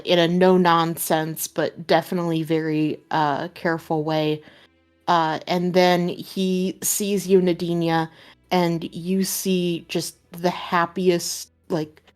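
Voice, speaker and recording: A woman narrating a tabletop role-playing game as game master, unhurried and full of "like" and "uh" fillers. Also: fairly low pitch.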